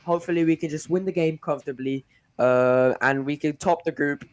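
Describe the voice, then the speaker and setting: A man's voice: fairly high pitch, a little fast. A man from America co-hosting a football fan show, talking in a rambling, exasperated way with frequent restarts. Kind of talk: casual fan chat.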